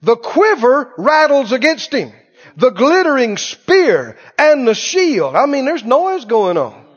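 Very high-pitched fiery male preacher. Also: big pitch swings, takes it slowly, highs cut off. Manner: fiery, colloquial preaching with mocking asides. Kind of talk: sermon.

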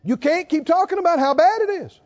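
A man's voice: very high-pitched, expressive, brisk, darkish tone. An older man preaching a sermon in an emphatic, folksy way with bits of humor, on a slightly dull lo-fi recording. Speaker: pastor.

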